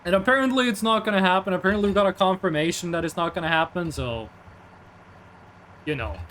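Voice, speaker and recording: A man's voice: high-pitched, fast talker, a bit bright, slight background noise. A man in his twenties streaming a game, rambling casually, reading chat aloud and tossing in jokey asides.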